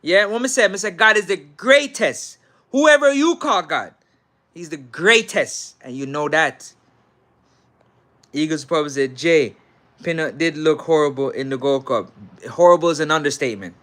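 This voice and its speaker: A Jamaican man hosts a live football talk show, answering viewer comments. His voice sits a little high and sounds bright and forceful. He says each point again and again, slipping into patois. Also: normal speed. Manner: animated and repetitive, Jamaican patois mixed in. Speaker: sports talk show host.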